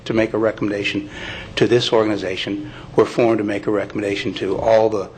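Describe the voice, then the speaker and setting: A man's voice: fairly low pitch, level tone, fast, a little hiss or hum, rough recording. A man speaking earnestly at a county commission meeting. He apologizes, restarts his sentences and lays out his plans. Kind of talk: public meeting testimony.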